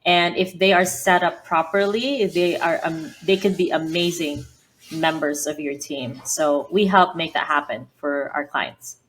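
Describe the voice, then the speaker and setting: A woman's voice: low-pitched, fairly even intonation, unhurried, a little hiss or hum. A woman from the Philippines with a Filipino accent, answering interview questions in an earnest, explanatory way with frequent fillers. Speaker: podcast guest, business founder.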